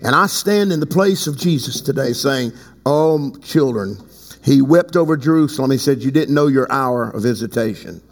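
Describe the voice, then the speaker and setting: A man preaching a sermon as bishop of his church, talking conversationally and breaking into loud emphatic bursts. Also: medium pitch, expressive, moderate pace. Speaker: bishop and pastor. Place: church sanctuary. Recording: long reverb in a large hall.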